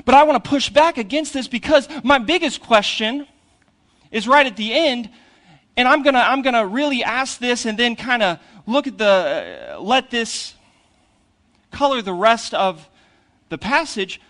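High-voiced male pastor preaching. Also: unhurried. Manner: conversational, asks "right?" after most points; swings from loud and animated to hushed retelling. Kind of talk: sermon.

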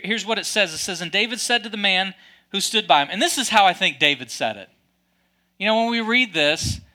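A man preaching a sermon with a high voice that is bright and sharp. He talks to his congregation in a loose, chatty way and drops in playful asides. The energy stays lively throughout. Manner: lively, conversational, joking asides. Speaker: pastor.

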